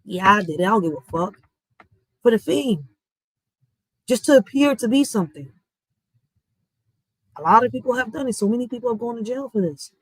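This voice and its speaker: A woman's voice: a little high, animated, normal speed, long pauses, breathy edge, no echo, low-quality recording. Woman vlogger, blunt and emphatic, dry close sound. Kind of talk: heated social media commentary.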